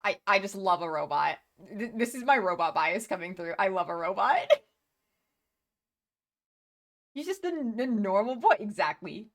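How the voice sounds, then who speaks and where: A woman's voice: mid-range voice, lively intonation, moderate pace. A woman streamer chatting casually on a live stream, gushing and rambling with many restarts and laughs.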